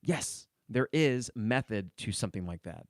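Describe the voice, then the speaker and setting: A man's voice: lowish voice, expressive, moderate pace, no room sound, studio quality. A man hosting a sports podcast alone, talking casually in a rambling, opinionated way and answering viewer comments. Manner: rambling, opinionated, reads live chat comments. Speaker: podcast host.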